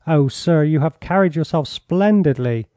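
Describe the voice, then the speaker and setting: A man's voice: a little high, normal speed, warm tone, dry recording, clean studio sound, close to an everyday voice. A man reading an audiobook, voicing a frightened, impassioned young woman who speaks urgently.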